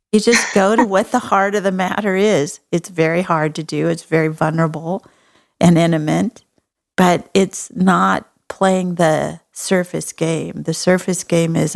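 A woman's voice: on the low side, takes it slowly, creaky. A middle-aged woman from Texas, hosting a casual conversation in an earnest, folksy and compassionate way. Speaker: host.

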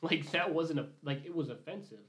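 A man's voice: a little high, a little fast, fairly bright tone. A young man in casual conversation, telling a work story in a rambling way. He swears freely and acts out what everyone said. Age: young adult. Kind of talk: casual chat.

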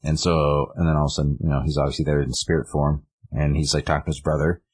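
Male co-host, low and husky, lively storyteller. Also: no echo. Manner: animated, acts out the characters in quick bursts. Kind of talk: casual chat retelling a comic story.

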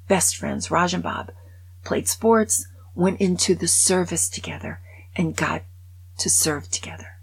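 A woman over sixty-five hosting her podcast, telling a long joke in a casual conversational way and dropping to a hushed voice for the sad parts. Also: on the low side, unhurried, husky, in a whisper. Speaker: podcast host.

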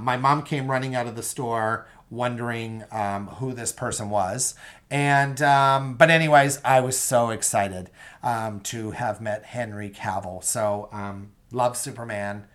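A man's voice: mid-range voice, fairly bright tone. A young man hosting a solo podcast, chatting casually and enthusiastically with many ums and asides to his listeners. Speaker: podcast host.

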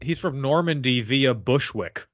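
Recording remotely on a podcast mic, no camera, this co-host dryly and sarcastically walks through a movie's story in a casual review. He has a mid-range voice, animated but unhurried, and the audio is dull with no room sound.

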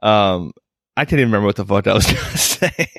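A man's voice: fairly low pitch, animated, fast talker, fairly bright tone, dry recording, studio quality. A man co-hosting a podcast in casual banter, rambling with restarts and laughing often. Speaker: podcast co-host. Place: home.

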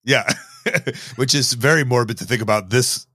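A man's voice: mid-range voice, moderate pace, bright, forceful tone, slightly rough, dry recording, clean studio sound. A man from Illinois chatting casually as a podcast guest, talking in a rambling, wry, reflective way.

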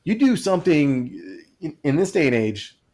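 A man's voice: on the high side, big pitch swings, normal speed, mellow. A man co-hosting a podcast in casual, joking chat, rambling and acting out quotes in silly voices. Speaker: podcast co-host.

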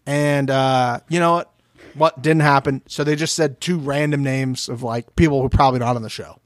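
A man co-hosts a podcast, casually recapping a reality show while swearing and acting out what people said in an animated way. His voice is medium-pitched and moves at a normal speed, recorded with studio quality and no room sound.

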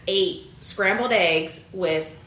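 A woman's voice: medium pitch, extremely slow, fairly bright tone, roomy sound, slight background noise, poor audio. A young woman co-hosting a casual chat, easygoing and giggly as she tells stories. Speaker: podcast co-host.

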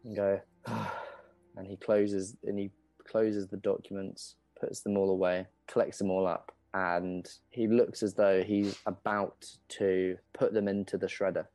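A man's voice: low voice, little pitch movement, a little slow, darkish tone, dry recording. Laid-back game master, a man, rambling with fillers, dry close sound. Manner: casual, filler-heavy, laughs often. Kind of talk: narrating a tabletop game.

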